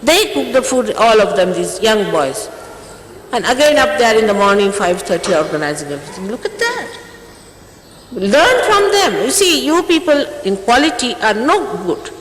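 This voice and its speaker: A spiritual teacher in her sixties sternly scolds her followers, firing off emphatic rhetorical questions in a mid-range, animated voice at normal speed. The 1980s archive tape captures an echoey hall with long reverb, faint ambience and slight background noise.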